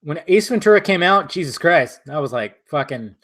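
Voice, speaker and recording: A man's voice: fairly high pitch, lively intonation, moderate pace, a bit bright. Loose, profane young male streamer. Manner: loose, profane, laughs often. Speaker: streamer reading chat. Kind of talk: casual live-stream chat. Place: home room with green screen.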